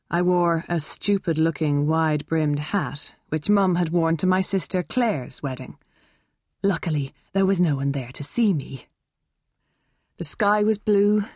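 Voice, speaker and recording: A woman's voice: deep voice, darkish tone, slightly rough, no echo, clean studio sound. A woman narrating a novel in a wry, conversational first-person storytelling manner. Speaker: audiobook narrator.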